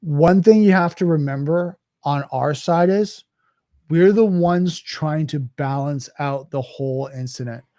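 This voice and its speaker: Middle-aged male host, casual solo Q&A delivery, mellow slightly high voice, dry close mic. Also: a little slow, no room sound. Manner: conversational with frequent restarts and "right?". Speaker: cybersecurity host. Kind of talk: solo Q&A talk.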